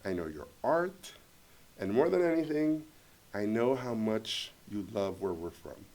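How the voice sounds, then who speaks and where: A calm, blunt older film producer, put on by a man telling a story. He speaks low and quiet in a measured way, with a gravelly grain in the voice. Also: full character voice. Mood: quietly blunt.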